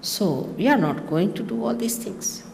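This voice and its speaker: A woman, giving a spiritual talk to her followers in a lively, teasing manner with mocking asides. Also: fairly high pitch, normal speed, gravelly, a little hiss or hum. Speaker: spiritual teacher. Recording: long reverb of a hall, faint ambience.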